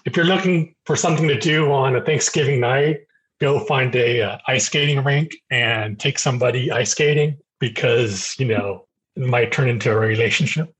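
A man's voice: mid-range voice, normal speed, fairly bright tone, breathy edge, poor audio. A man appearing as a guest on a casual movie podcast, speaking hesitantly with fillers. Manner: brief backchannels, hesitant with fillers.

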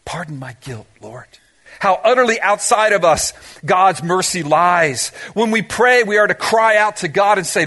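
Guy preaching, high lively voice, lots of questions to the crowd, cracks little jokes. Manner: preaching with rhetorical questions and dramatic pauses; humorous asides. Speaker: pastor. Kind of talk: sermon.

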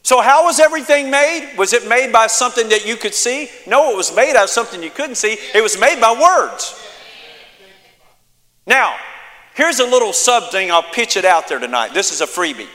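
A man's voice: extremely high pitch, animated, normal speed, pushed and bright, big-room sound. A man preaching a sermon as pastor, emphatic, with repeated phrases and calls for an amen from the congregation. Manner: emphatic preaching with repetition and call-and-response.

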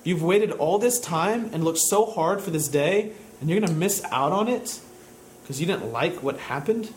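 A male pastor delivering a sermon in a somewhat high voice. He swings between calm explanation and loud, climbing emphasis. A faint hum sits under the recording. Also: normal speed, low-quality recording. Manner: rises to loud, high-pitched emphatic preaching.

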